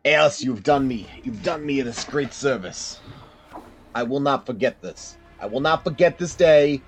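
A man's voice: mid-range voice, animated, a little slow, faint music behind. A man playing a tabletop game in character, brash, profane and mock-outraged. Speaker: player.

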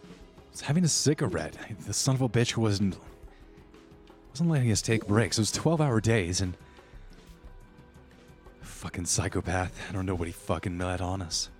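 A man's voice: low voice, normal speed, pauses often, darkish tone, soft background music, natural voice. A man voicing an exhausted, frightened woman worker who has fled a desert camp and curses bitterly as she talks. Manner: curses angrily, breathless and defensive.

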